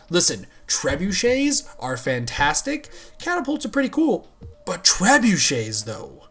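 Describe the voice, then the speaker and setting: A man streaming a game live, rambling goofily to his viewers and yelping excitedly whenever he gets hit. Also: high-pitched. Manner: rambling, goofy and excitable, yelps when hit; chats with viewers. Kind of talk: live gameplay commentary.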